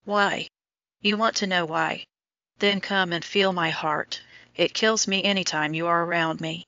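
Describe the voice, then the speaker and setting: A woman's voice: on the low side, fairly even intonation, a little slow, pushed and bright, no room sound. A woman voicing an intense, lovesick young man in an audiobook romance, speaking in an urgent, pleading way. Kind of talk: audiobook dialogue reading. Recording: dull lo-fi audio.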